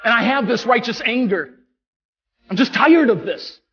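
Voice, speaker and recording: A man's voice: very high voice, expressive, moderate pace, highs cut off, slight background noise. A man, a parish priest delivering an impassioned homily, indignant and full of rhetorical questions. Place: large church. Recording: long church reverb, faint music.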